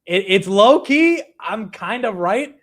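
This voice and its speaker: Animated, lively young male streamer. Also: sits high, slow pace. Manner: animated, self-mocking, reacting to chat. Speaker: livestream host. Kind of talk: casual livestream chat.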